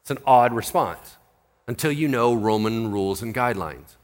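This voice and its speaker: A male pastor preaching a sermon in an animated, conversational way, full of rhetorical questions. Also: medium pitch, moderate pace.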